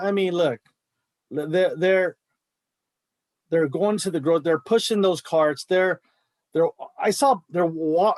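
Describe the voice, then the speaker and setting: A middle-aged martial arts coach with a high voice chats casually on a podcast, fired-up and emphatic, saying "bro" a lot. The recording is dry.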